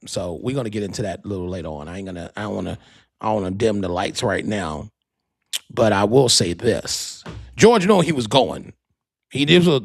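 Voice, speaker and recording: A man hosting a podcast in a casual monologue, animated and profane, full of street slang. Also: fairly low pitch, creaky, dry recording, studio quality. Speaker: podcast host and DJ.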